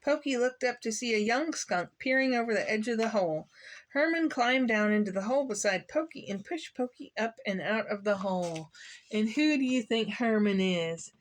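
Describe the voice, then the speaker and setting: A woman's voice: on the high side, animated, normal speed. A woman reading a children's picture book aloud, playful and asking the listener questions. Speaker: children's story reader.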